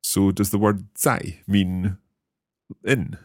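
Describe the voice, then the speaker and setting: A man co-hosting a language-lesson podcast, asking curious questions and slowly repeating phrases with a chuckle. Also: low-pitched, steady tone, a little mellow, dry recording, clean studio sound. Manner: curious, chuckling, slow careful repetition. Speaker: podcast co-host learning Mandarin. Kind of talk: casual language-lesson chat.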